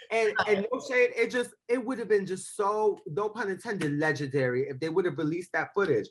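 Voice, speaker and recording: A ballroom house leader telling stories in a casual interview, sassy and animated, swearing freely. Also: medium pitch, normal speed.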